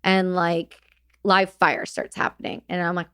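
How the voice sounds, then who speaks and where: A woman veteran telling a personal story as a podcast guest, halting and restarting, with fillers. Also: on the low side, flat delivery, bright, forceful tone, smooth.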